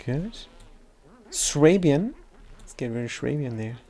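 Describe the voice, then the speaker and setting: A man's voice: mid-range voice, measured pace, creaky, dark tone, soft background music. A German man in his sixties with a German accent, chatting casually and teasingly while live-streaming a game. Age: 60s.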